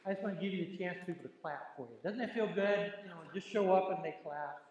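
Guy doing church announcements, high voice, folksy jokey, big echoey church hall. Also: fast, darkish tone, muffled recording. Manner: folksy and joking, with many ums and uhs. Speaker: church leader giving announcements. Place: large church sanctuary.

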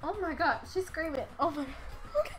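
A woman streamer giving casual let's-play commentary, chatty, reacting loudly and laughing often. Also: high voice, brisk, music in the background.

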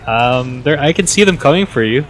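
A man's voice: medium pitch, expressive, moderate pace. A man talking hesitantly, with stammered restarts, during a casual co-op game. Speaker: game player. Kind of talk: casual gaming chat.

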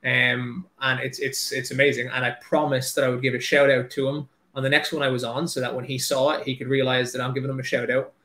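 A male fantasy author chatting casually on a livestream, excitable and rambling, swearing freely as he talks. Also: medium pitch, quick pace, hardly any pauses, echoey room.

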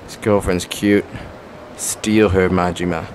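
A man's voice: on the low side, a little slow, darkish tone, slight background noise. A man giving crude, joking commentary as he streams a game, laughing often. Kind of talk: casual gameplay commentary.

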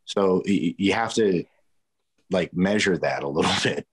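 A man's voice: sits low, normal speed, slightly rough, poor audio. A man on a podcast panel talking loosely and profanely over a remote call. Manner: loose and profane, self-mocking. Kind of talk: casual panel chat. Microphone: remote call over a poor connection.

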